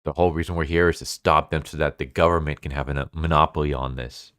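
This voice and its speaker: A rebellious supersoldier deer pleads with his comrade in an urgent, steady voice, as a man reads him out. The voice sits very low and smooth. The recording is close and dry. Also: fast, no room sound. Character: rebellious male supersoldier deer, intense and persuasive.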